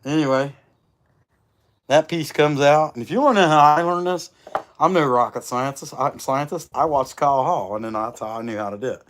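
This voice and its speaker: A man chatting casually during a livestream as he works, his voice slightly rough from a recent illness, rambling and folksy. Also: medium pitch, fairly quick, fairly bright tone, slight background noise. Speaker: chainsaw carver hosting a livestream. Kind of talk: casual livestream chat while working.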